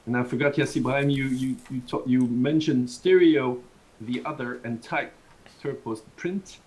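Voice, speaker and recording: A Southern French man with a mid-range, darkish voice lectures online for a university at normal speed, his accent clear over a rough video-call recording. His delivery rambles, with many restarts and small chuckles between points.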